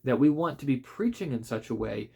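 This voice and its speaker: A man, a pastor, reviewing a book in a relaxed spoken way, thoughtful and conversational, with frequent fillers and restarts. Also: mid-range voice, a little fast, gravelly, slightly rough.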